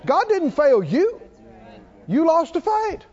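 A male preacher with a very high, animated voice that swoops through his questions to the congregation. He pushes them emphatically and chuckles between points. The recording is dull and lo-fi. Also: takes it slowly, big-room sound. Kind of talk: sermon with call-and-response.

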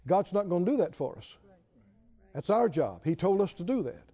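A man's voice: high-pitched, sing-song, normal speed, dark tone, muffled recording. A middle-aged male pastor preaching a sermon, punctuating his points with emphatic exclamations and quoted scripture.

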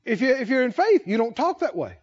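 A man's voice: very high-pitched, very animated, fast, a little mellow. A man preaching a conversational sermon, asking his listeners questions and chuckling between his points. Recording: dull lo-fi sermon recording.

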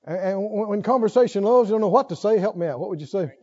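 A man preaching a sermon, emphatic, swinging from loud exhortation to hushed intensity. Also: high-pitched, lively intonation, quick pace. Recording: dull lo-fi sermon recording.

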